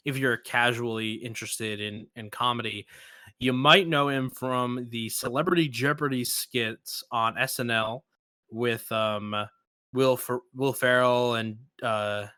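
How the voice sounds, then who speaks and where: Bright, lively male podcast host. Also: mid-range voice, smooth, no echo, clean studio sound. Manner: animated storyteller, acts out quotes. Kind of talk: casual podcast interview.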